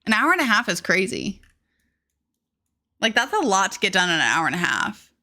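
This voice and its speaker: A bubbly young woman streamer chats casually, greeting viewers and gushing over what she sees. Her voice is bright and forward. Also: medium pitch, sing-song, moderate pace. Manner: bubbly, gushing, reads chat aloud. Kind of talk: casual live-stream chat.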